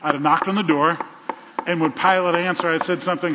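A man's voice: on the high side, steady tone, a little fast, noisy background. A man preaching a sermon, dramatic and humorous, acting out the lines of people in the story. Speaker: pastor. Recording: dull sound with long hall reverb.

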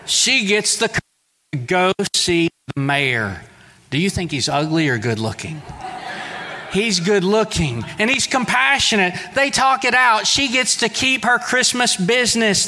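A pastor preaches a sermon conversationally, tossing in playful asides. His voice is fairly high-pitched, bright and forceful, and the recording carries a long hall reverb.

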